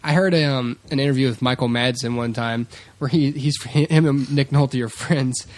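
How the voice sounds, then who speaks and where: A man's voice: mid-range voice, moderate pace. A man co-hosting a podcast in casual chat, rambling and laughing often as he acts out quotes. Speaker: podcast co-host.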